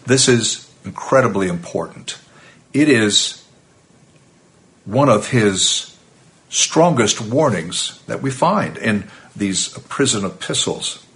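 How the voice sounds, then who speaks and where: A man's voice: on the low side, lively intonation, slow pace, fairly bright tone. A man giving an earnest, emphatic sermon in a conversational teaching tone, with occasional fillers. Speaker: preacher.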